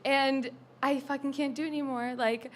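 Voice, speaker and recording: Young woman, open mic, raw frustrated rant, a bit high-pitched, heavy swearing. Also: steady tone, normal speed. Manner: frustrated, rambling, swearing, flaring into shouts. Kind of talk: spoken monologue at an open mic.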